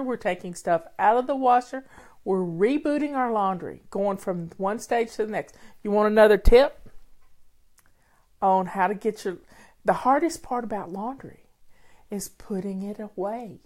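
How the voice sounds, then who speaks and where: A woman's voice: mid-range voice, a little mellow. An older woman, chatting casually and folksily with her viewers as a home-organizing host. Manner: chatty, folksy, talks over background music. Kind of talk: casual live chat with viewers. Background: faint music playing.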